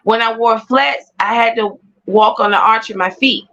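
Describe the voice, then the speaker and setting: Animated woman telling her testimony. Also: on the high side, normal speed, dull audio. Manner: animated storyteller who repeats phrases for emphasis. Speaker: guest sharing a personal testimony. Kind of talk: personal testimony storytelling.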